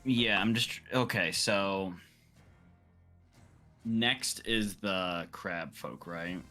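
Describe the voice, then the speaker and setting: A man's voice: sits low, drawn-out words, bright, forceful tone, faint music behind. A man playing a tabletop game, describing his character's moves hesitantly and thinking aloud. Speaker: player.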